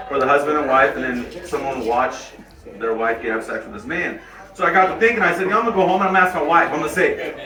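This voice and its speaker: Brash, crude middle-aged male comic. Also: fairly high pitch. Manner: crude, brash, conversational, with sudden yelled bits. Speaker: stand-up comic. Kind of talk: stand-up comedy set. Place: comedy club stage. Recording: echoey club from a distant mic with crowd.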